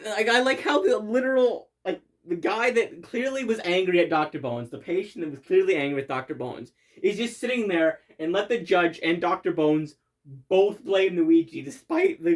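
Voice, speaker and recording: Talking over one of their own comedy clips in a mid-range voice, this creator keeps things loose and rambling, with frequent laughter and casual cursing.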